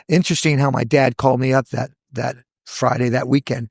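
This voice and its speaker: A hair educator in his sixties tells career stories in a lively podcast chat, acting out the voices of the people he quotes. His mid-range voice is creaky and moves at a moderate pace, captured in a dry, clean studio recording.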